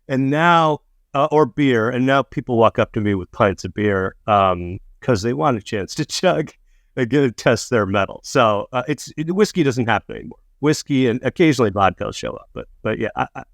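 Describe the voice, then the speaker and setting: A middle-aged man chats casually into a close, dry mic, telling a rowdy drinking story with a lot of swearing. His pitch sits in the middle and jumps up sharply whenever he acts out what someone said. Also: animated, normal speed, gravelly, no echo. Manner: swearing, self-mocking, acts out quotes with big pitch jumps. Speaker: podcast co-host, comedian.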